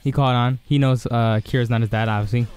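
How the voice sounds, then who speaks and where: An enthusiastic man rambles through an anime episode recap, stacking fillers as he goes. His voice sits at an ordinary middle pitch. Soft music plays faintly in the background. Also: fast, clean tone. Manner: rambling and excited, heavy on fillers. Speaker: anime reviewer.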